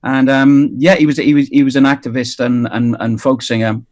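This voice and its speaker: A Welsh man in his fifties, a musician guest on a radio interview, talking in a halting way with many fillers and restarts. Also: medium pitch, little pitch movement, a little mellow. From Wales. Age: 50s. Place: outdoors by the sea.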